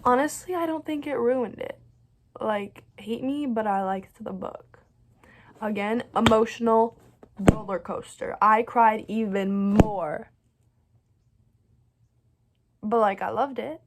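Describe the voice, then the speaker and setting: Bubbly gushing woman, slightly high voice. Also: unhurried, noisy background. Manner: gushing and bubbly, many "like"s and "so good"s; rambling, restarts her sentences. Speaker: book vlogger. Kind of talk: casual reading wrap-up chat.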